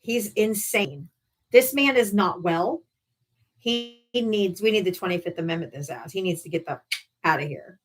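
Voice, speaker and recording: A woman's voice: mid-range voice, normal speed, soft background music. A woman streams live from a home setup, talking straight to her viewers. Her delivery is loose, profane and scornful. She keeps a heated, mocking edge as she vents. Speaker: live-stream political debate host. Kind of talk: casual livestream rant.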